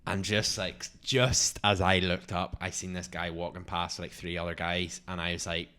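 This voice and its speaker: A young man, co-hosting a podcast and telling stories in a casual, animated way, with lots of "like". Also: low voice, normal speed, clean tone. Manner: animated storyteller, heavy use of "like". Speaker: podcast co-host. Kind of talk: casual storytelling chat.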